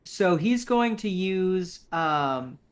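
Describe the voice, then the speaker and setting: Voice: mid-range voice, lively intonation, drawn-out words. A game master running a tabletop combat in a casual, rambling way, reading rules aloud and narrating moves.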